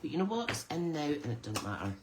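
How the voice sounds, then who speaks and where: A woman's voice: low-pitched, big pitch swings, fast, noisy background. A Scottish woman hosting a live crafting stream, chatting casually and greeting viewers by name as she works. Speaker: crafting channel host.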